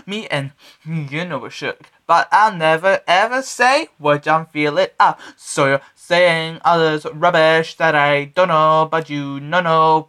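A man's voice: fairly high pitch, sharp tone, smooth. Young male singer, sassy and taunting, stuttered repeats, spoken-sung delivery. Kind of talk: sung pop track with spoken-sung verses.

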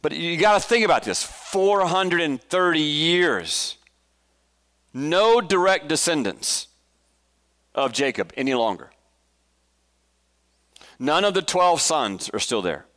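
A man's voice: fairly high pitch, a bit bright. A man teaching a church Bible study in a conversational way, asking the congregation questions, enthusiastic, with restarts and fillers. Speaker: pastor.

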